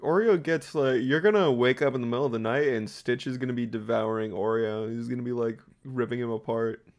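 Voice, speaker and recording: A man's voice: mid-range voice, brisk, darkish tone, lo-fi sound. A man co-hosting a casual podcast, reacting with teasing jokes. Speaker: podcast co-host.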